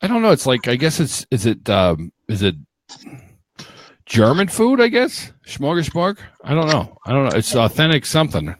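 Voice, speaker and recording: A man hosting a live podcast, loud and teasing, swearing freely in casual banter with his guests. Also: medium pitch, wildly swooping pitch, normal speed, dry recording. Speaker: podcast host.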